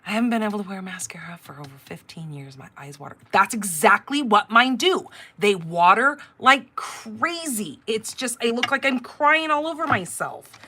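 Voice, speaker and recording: A middle-aged woman talks through a live paper-craft demonstration in a bright, forceful voice. She chats casually, drifts into rambling personal stories and fills pauses with "um" and "like". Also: medium pitch, expressive, a little hiss or hum. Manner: chatty, rambling storyteller with filler words. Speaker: card-making class host.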